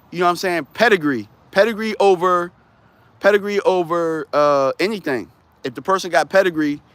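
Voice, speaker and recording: A man's voice: fairly high pitch, a bit bright, no echo. Slangy, rambling man on a live stream. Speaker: sports streamer. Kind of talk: casual live-stream football talk.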